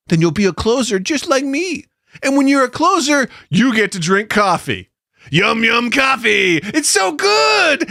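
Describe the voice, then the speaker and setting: A man's voice: very high voice, a bit bright, no echo, studio quality, pitched above the performer's own voice, full character voice. A man voicing a smug, condescending salesman who talks sweetly to a child, in swooping sing-song baby talk.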